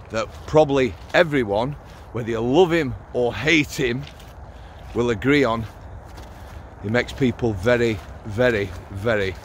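A Yorkshire man from Sheffield in his fifties speaks to camera outdoors, taking his time over each blunt, punchy phrase. His voice sits in an ordinary middle pitch. A faint outdoor ambience runs underneath. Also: slight background noise. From Sheffield, Yorkshire, England. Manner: blunt, plain-spoken, punchy short phrases. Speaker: former prison officer and vlogger. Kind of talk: casual monologue to camera. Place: outdoors on a cold hilltop.

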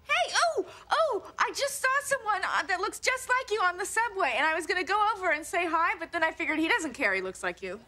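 A chirpy, scatterbrained young woman with a high, bright, lively voice. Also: a little fast, few pauses, a little hiss or hum, exaggerated voice. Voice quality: rambling, flustered.

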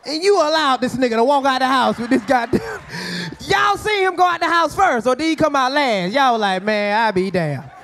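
A man roasting a live crowd as a stand-up comedian, loud and brash, often shouting his jokes on a club stage. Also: extremely high pitch, very animated, normal speed, hardly any pauses, a little hiss or hum. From Atlanta, US.

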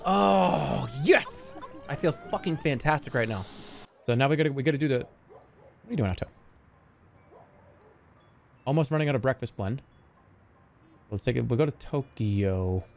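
A man's voice: mid-range voice, animated, moderate pace, pauses often, a little mellow. A man in his thirties giving playful live-stream game commentary, swearing and laughing.

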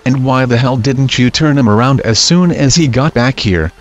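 A man's voice: mid-range voice, normal speed, lo-fi sound, faint music behind, lightly acted. A man voicing an annoyed fellow reenactor with a scolding tone. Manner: irritated, scolding.

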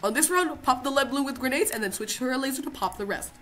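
A young woman giving loud, excitable gameplay commentary, swearing now and then and reading out game text. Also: sits high, quick pace, faint music behind. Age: young adult. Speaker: gaming video creator.

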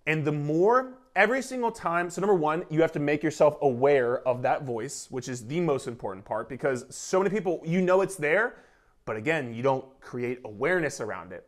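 A man coaching viewers on weight loss in an emphatic, repetitive pep-talk style, casual and sometimes swearing. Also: medium pitch. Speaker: fitness coach. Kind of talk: motivational talk to camera.

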